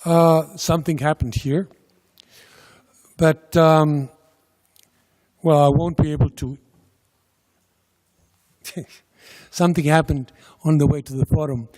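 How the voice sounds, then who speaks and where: Man, academic presentation, slow deliberate delivery, pauses and fillers, echoing lecture hall. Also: fairly high pitch, fairly even intonation, a little mellow. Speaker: presenter of a funding agency. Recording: lecture hall with long reverb.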